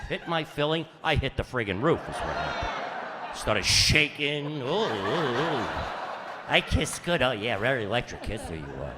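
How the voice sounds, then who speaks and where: A middle-aged man doing stand-up comedy, his pitch swinging widely as he pushes each punchline. His delivery is brash and punchy, with mock-exasperated asides. The voice rings through a large reverberant hall over a clear bed of room noise.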